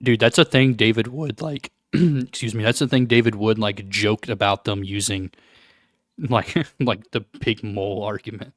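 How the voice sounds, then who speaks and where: A man's voice: fairly low pitch, fairly even intonation, moderate pace, no echo, clean studio sound. A man commenting in a casual reaction chat, amused and conversational. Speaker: guest commentator.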